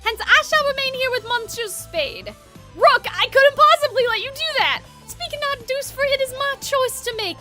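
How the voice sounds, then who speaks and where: A woman's voice: animated, normal speed, pushed and bright, soft background music, full character voice. A woman putting on a flamboyant, gushing young gallant. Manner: sing-song, theatrical and high. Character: flamboyant theatrical young man, gushing and grand.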